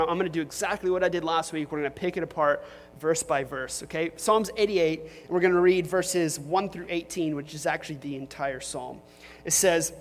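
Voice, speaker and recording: A man's voice: a little high, in a large hall. A man preaching a sermon as pastor in a church, talking conversationally with joking asides to his congregation. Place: church sanctuary.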